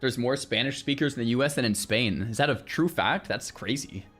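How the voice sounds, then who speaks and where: A young man streaming, chatting casually with his viewers in an animated way, with lots of restarts and loud exclamations. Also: mid-range voice, fairly quick, soft background music. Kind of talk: casual livestream chat with viewers.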